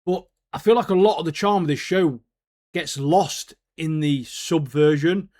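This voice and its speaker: A man's voice: on the high side, a little slow. Chatty man with a raised voice. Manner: laughs often, slangy and excitable. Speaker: podcast co-host. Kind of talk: casual chat.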